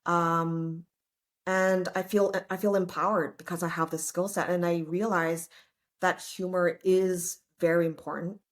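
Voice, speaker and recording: A woman's voice: lowish voice, a little slow. A woman in her late forties, a comedian guest telling stories in a casual interview and acting out the people in them. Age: 40s. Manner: lively storyteller, acts out voices.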